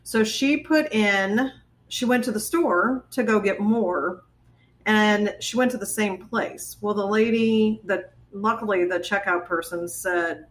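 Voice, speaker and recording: A woman guest on a podcast, recounting a family story in a relaxed, conversational way. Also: medium pitch, a little slow, low-quality recording. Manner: conversational, with fillers and restarts. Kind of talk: casual storytelling.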